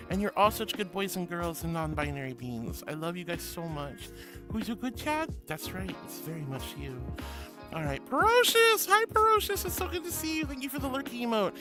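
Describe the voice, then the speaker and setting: A man's voice: high-pitched, animated, a little fast. A man streaming as a VTuber, chatting casually and affectionately while reading viewer messages aloud. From Florida. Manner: gushing and affectionate, calls viewers sweetie. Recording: music playing behind the voice.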